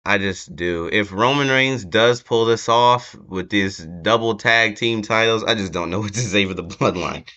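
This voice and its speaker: Young man, wrestling channel host, rambling, hesitant, low-ish bright voice, dull lo-fi recording. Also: normal speed, hardly any pauses. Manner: rambling, hesitant, many fillers. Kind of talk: casual prediction chat.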